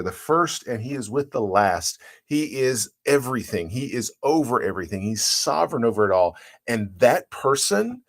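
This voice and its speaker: A man as pastor, giving a devotional sermon in an earnest, plain-spoken way, reading scripture and explaining it verse by verse. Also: mid-range voice.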